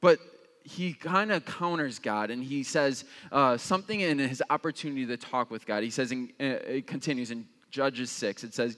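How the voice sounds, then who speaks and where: A young man preaching a casual, conversational sermon as pastor, with lots of fillers and lively jumps in pitch when he acts out reactions. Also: moderate pace, big-room sound.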